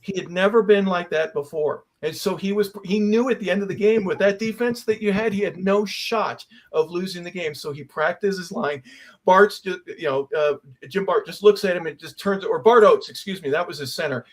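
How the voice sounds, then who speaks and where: Higher-voiced guy on sports talk radio, tells stories and does the voices. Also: moderate pace. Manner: animated storyteller, acts out quoted voices. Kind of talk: casual sports talk storytelling. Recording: online radio show remote mic.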